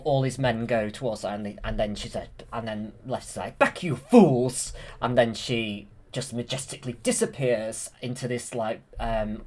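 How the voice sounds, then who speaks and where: Gushing man retelling a film. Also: lowish voice. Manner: enthusiastic, gushing, full of fillers and restarts. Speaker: channel host. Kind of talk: rambling retelling from memory.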